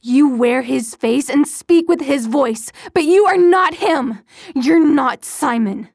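A woman voicing a terrified, furious mother whose rough voice rises almost to a scream as she shouts through a door. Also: unhurried, dry recording, clean studio sound, heavily acted. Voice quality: rough, strained. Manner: shrill, near screaming.

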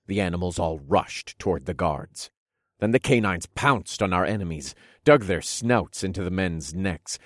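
A man with a very deep voice narrates a dark fantasy audiobook in a dramatic storytelling manner. The recording is dry and close, with no room sound. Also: no room sound.

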